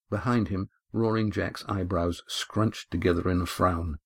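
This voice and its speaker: A man with a low voice reads an audiobook chapter in a measured, even manner. The sound is close and very dry, with no room heard around him, and he is on a studio mic. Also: creaky, husky, no room sound. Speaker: narrator. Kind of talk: audiobook narration.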